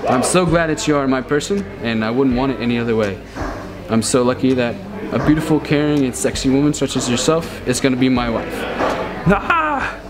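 A man's voice: medium pitch, a little fast. A young man in his twenties, a groom, reading a love letter and his wedding vows in a tender, earnest way. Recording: with music playing over it.

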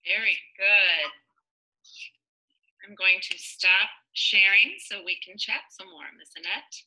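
A woman teaching young children phonics online, sounding out letters one by one and asking gentle questions. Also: mid-range voice, poor audio. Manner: slow, sound-by-sound modeling. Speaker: preschool teacher.

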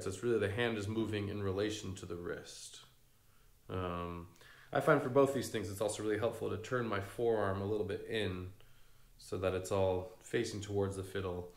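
A man teaching a casual fiddle lesson in a relaxed way, humming rhythms and using many fillers. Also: on the low side. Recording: echoey room with fiddle playing.

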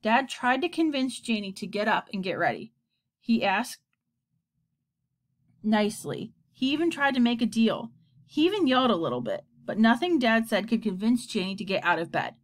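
A woman expressively narrates a children's story. Her pitch is fairly high and her pace moderate.

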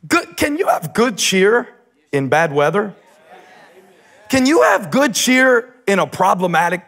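A man preaching a sermon on a church stage, animated, shouting for emphasis and tossing in joking asides. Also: sits high. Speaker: pastor.

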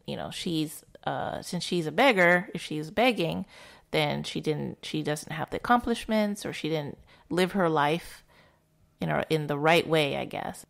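A woman co-hosts a casual book podcast, speaking thoughtfully and laughing easily. Her voice sits very low and carries a gravelly fry. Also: a little slow. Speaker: podcast co-host. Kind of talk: casual book-club chat.

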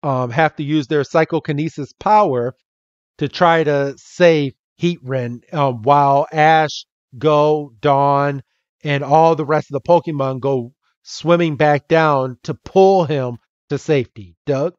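A man's voice: a little high, slow, dry recording, dull audio. A man co-hosting a podcast, casually recapping an episode, laughing often and mimicking characters' lines. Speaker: podcast co-host.

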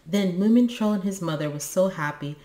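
A woman reading a children's storybook aloud in steady narration. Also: lowish voice, a little fast, a little hiss or hum. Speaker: book channel host.

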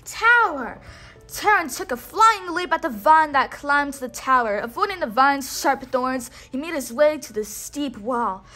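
Woman read-along storyteller, high voice, expressive, faint music in the background. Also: unhurried, hardly any pauses. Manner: expressive, prompts listener to repeat words. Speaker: storybook reader.

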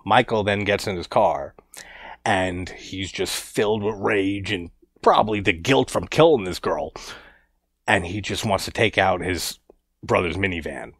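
A man's voice: low-pitched, measured pace, fairly bright tone, slightly rough, no echo. A man casually reviewing a horror movie, laid-back and chuckling as he recounts scenes.

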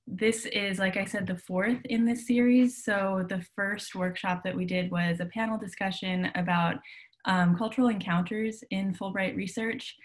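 A woman leading a live online workshop, talking casually over a video call with many ums and restarts. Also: lowish voice. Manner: casual, filler-heavy, with frequent restarts. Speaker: workshop leader. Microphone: computer mic on a video call.

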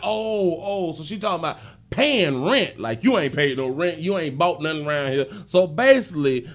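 Animated, laughing male live-stream host. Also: on the high side. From Florida. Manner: loud, laughing, animated street talk. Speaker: show host. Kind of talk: live-stream commentary on a video.

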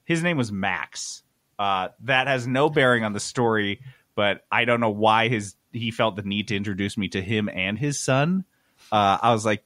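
A man on a podcast telling a story casually, animated and exasperated, swearing freely. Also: lowish voice, normal speed, no room sound, studio quality. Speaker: podcast host.

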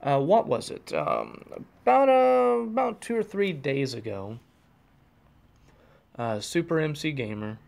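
A man's voice: on the high side, wildly swooping pitch, a little slow, creaky, darkish tone. A man hosting a casual solo podcast, rambling and breaking off mid-thought, recorded on a gaming headset microphone in a room at home. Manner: rambling, self-interrupting, chuckling. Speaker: podcast host. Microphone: USB gaming headset microphone.

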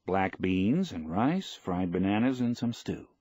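A man's voice: deep voice, big pitch swings, a little slow, a little mellow, slightly rough, no room sound, clean studio sound, full character voice. A man voicing a devoted young boy in a book reading, speaking eagerly and earnestly.

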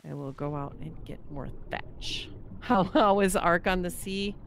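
Speaking a little slowly in a lowish voice, a young woman plays a survival game on stream, musing aloud about her building and thanking chat in a relaxed way. There's a bit of hiss or hum in the audio.

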